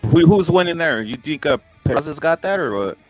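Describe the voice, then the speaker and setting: A young man co-hosting a casual boxing podcast, talking loud and animated with crude banter and many restarts. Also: on the high side, fairly quick, faint music behind. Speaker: podcast co-host.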